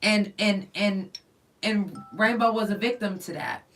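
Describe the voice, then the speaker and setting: A woman hosting a podcast, telling stories in a blunt, profane, animated casual chat. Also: mid-range voice, a little slow. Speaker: podcast host. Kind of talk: candid casual chat, storytelling. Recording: voice somewhat distant from the mic.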